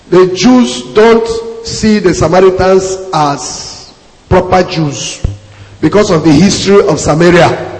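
A man preaching a sermon as pastor, emphatic and repeating his key phrases to the congregation. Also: high voice. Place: church hall. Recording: echoey hall with long reverb.

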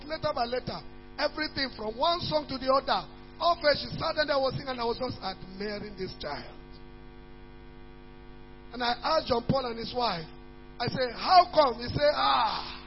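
A male pastor delivers an emphatic sermon, repeating key words and reading scripture. His voice sits very high for a man. It rings through a large hall with a long reverb, and faint music and hum sit underneath. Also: muffled recording.

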